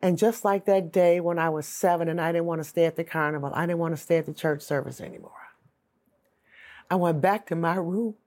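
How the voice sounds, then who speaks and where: A woman's voice: lowish voice, steady tone, a little fast, darkish tone. A middle-aged woman giving earnest, emotional personal testimony in an interview.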